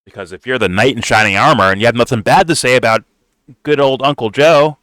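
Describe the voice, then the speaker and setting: A man's voice: mid-range voice, fast, fairly bright tone, no echo. A man ranting bluntly in reaction to a political video, swearing constantly and calling the listener "bro.". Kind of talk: profane reaction rant.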